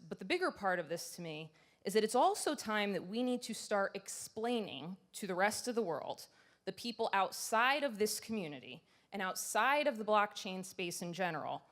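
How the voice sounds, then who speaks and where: Brief: woman speaker on a conference stage, medium pitch, chatty and self-mocking, lots of ums. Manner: conversational and self-deprecating, many fillers. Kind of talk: conference talk.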